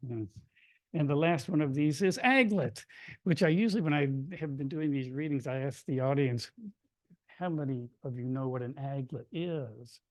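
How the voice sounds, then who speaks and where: Soft-spoken poet reading his work. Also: mid-range voice, no echo. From Kentucky. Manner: hushed, measured reading, brighter asides. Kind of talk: poetry reading with chatty asides. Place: reading event before an audience.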